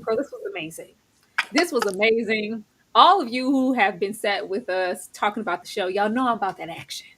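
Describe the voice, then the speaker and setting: A woman's voice: mid-range voice, fairly quick, fairly bright tone, husky, low-quality recording. A woman co-hosting a live stream that recaps a TV drama. She talks expressively and acts out her own reactions as quoted asides. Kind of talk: casual live-stream chat.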